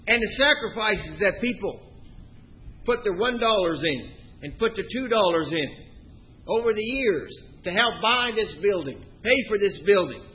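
High-voiced preacher man, lo-fi sound. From Canada. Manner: storytelling, swinging between loud emphasis and quiet asides. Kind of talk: sermon. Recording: dull lo-fi recording.

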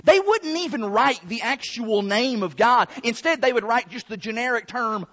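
A man's voice: extremely high pitch, expressive, moderate pace, fairly bright tone. A man preaching a sermon, stretching out key words for emphasis. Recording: long hall reverb, dull lo-fi sound.

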